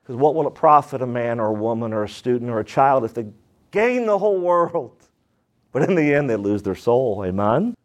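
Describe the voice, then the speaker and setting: A man preaching a sermon to his congregation, calling out to them for answers and swinging between low, intoned lines and high, excited ones. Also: normal speed. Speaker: pastor.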